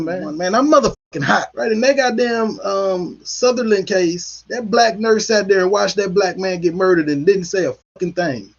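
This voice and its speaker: Male host, high husky voice, furious profane rant, dull lo-fi audio. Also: fairly quick, hardly any pauses. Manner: angry, profane ranting. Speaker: political commentary host. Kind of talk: heated solo commentary.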